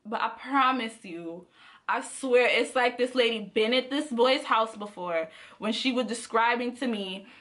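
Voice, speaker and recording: Bright-voiced young woman telling a story. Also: on the high side. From Caribbean. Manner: animated, slangy, laughs often. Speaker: vlogger. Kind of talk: casual storytime.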